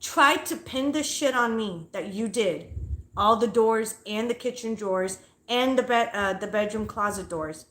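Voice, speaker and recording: A woman's voice: medium pitch, measured pace, a bit bright. A woman hosting a livestream from home, telling a story in a blunt, profane, fired-up way. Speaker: livestream host. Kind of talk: heated casual rant. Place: at home with dogs nearby. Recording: roomy echoey sound.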